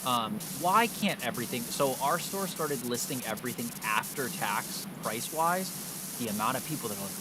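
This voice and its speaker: A man's voice: medium pitch, animated, moderate pace, background noise. A man streaming and chatting casually while he plays, ranting with plenty of swearing as he works himself up. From United States. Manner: ranting, profane, gets worked up. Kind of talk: casual live-stream chat while gaming.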